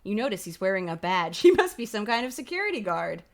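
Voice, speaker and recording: A woman's voice: medium pitch, big pitch swings, fast. A woman hosting a livestream, reading a children's horror book aloud with playful, giggly commentary and casual swearing, on a streaming mic at home. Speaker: livestream host. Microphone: streaming microphone.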